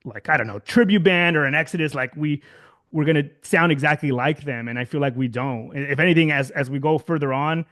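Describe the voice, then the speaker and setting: Speaking fairly quickly in a fairly high, slightly bright voice, a male guest musician in his thirties from Southern California chats casually. He rambles on, uses plenty of fillers, keeps restarting, and laughs often during the interview.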